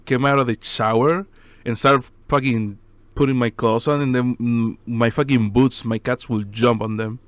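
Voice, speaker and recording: Man, podcast co-host, casual chat, smooth resonant voice, dry close mic. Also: mid-range voice, steady tone, normal speed, no room sound. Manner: laughing often, swearing, loose non-native phrasing.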